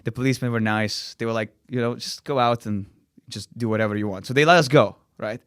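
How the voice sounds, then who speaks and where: A man's voice: medium pitch, fast talker, fairly bright tone, smooth, no echo, clean studio sound. A young man from Lithuania with a Lithuanian accent, a comedian telling a wild story in casual chat, acting out quotes and laughing often. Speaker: comedian guest.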